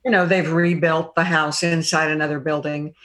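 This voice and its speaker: A woman's voice: low voice, little pitch movement, normal speed, fairly bright tone. An older woman, an actress guest, reminiscing in a reflective, rambling way. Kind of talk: interview conversation.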